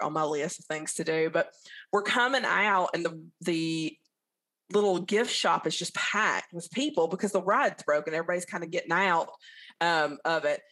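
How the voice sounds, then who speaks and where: A woman from the American South with a Southern accent, telling stories as a guest in a casual interview. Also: sits low. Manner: chatty, animated storyteller.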